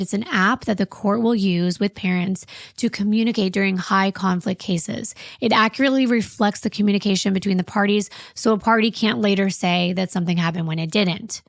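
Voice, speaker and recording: Expressive woman hosting a true crime podcast. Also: medium pitch, gravelly, no room sound, clean studio sound. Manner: expressive, reacting with indignation. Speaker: podcast co-host.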